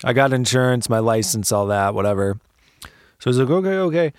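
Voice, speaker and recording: A man's voice: medium pitch, expressive, fairly quick, clean tone, no echo, studio quality. A man hosting a podcast, telling a story casually with lots of swearing and laughter, acting out the people in it. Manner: profane, laughs often, acts out quotes. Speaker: podcast host.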